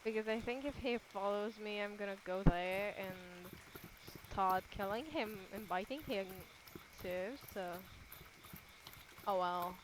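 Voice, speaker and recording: Slow-talking woman rambling over game noise. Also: medium pitch. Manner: rambling, excitable, swears then apologizes. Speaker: gaming channel host. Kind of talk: casual gameplay commentary. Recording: loud game sounds behind voice. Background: game ambience and animal sounds.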